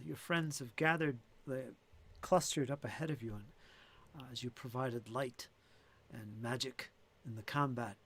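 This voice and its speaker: A man's voice: mid-range voice, a little slow, fairly bright tone, husky. A man running a tabletop game as game master, thinking aloud with fillers and restarts.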